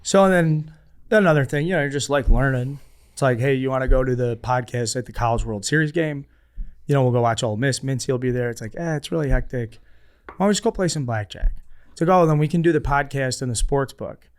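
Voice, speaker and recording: In a relaxed podcast conversation, a male co-host tells stories quickly and smoothly in a mid-range voice. He animatedly performs the voices of anyone he quotes.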